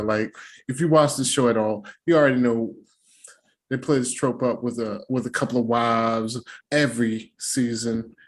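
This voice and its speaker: A middle-aged man hosting a casual show recap, talking in slangy, animated asides and jokes. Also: medium pitch. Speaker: recap host.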